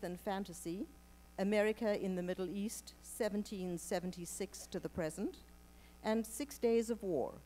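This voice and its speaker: Lady reading out an intro at an event, slow and formal, mellow voice, bit of hum. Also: mid-range voice. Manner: measured, formal, deliberate. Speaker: event presenter introducing the speaker. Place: lecture hall with live audience.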